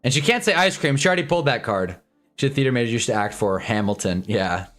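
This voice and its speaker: Animated young man streaming, music behind. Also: medium pitch, quick pace. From Southern California. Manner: rambling, joking, laughs often. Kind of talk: casual live-stream chat.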